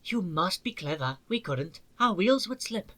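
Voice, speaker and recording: A man's voice: high voice, expressive, measured pace, pushed and bright, voice pushed up, heavily acted. A man voicing a kind, earnest old male engine who speaks up with feeling. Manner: earnest, protesting.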